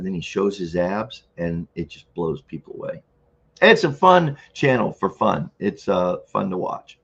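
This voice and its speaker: An older man hosting a casual live-stream chat, rambling and chuckling, often clearing his throat. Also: on the low side, dull audio. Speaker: livestream host.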